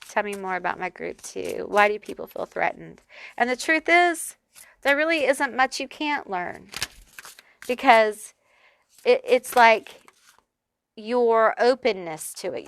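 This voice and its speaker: A woman's voice: mid-range voice, vocal fry, fairly bright tone. A middle-aged woman doing a casual tarot reading to camera, bubbly and chatty, full of "like" and "you know", on a corded mic. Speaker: tarot reader.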